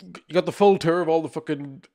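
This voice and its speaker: Fast-talking man, sweary storyteller. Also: a little high. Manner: swears a lot, animated anecdotes with voiced quotes. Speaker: podcast co-host. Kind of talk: casual storytelling chat.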